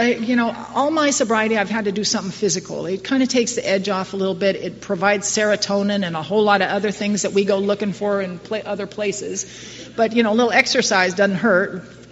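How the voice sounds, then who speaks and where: A middle-aged woman shares her story with a recovery group in a wry, self-mocking, chatty way, often restarting her sentences. Her voice carries a long hall echo. The recording sounds muffled and dull, with faint noise underneath. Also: mid-range voice. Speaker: recovery meeting speaker. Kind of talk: personal talk to a recovery group. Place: meeting hall.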